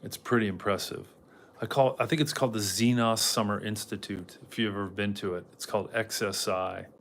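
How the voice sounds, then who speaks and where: A man's voice: fairly low pitch, steady tone, brisk, gravelly, a bit bright, a little hiss or hum. A man hosting a casual livestream in a rambling way, reading out chat comments and talking to his dog now and then. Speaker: livestream host.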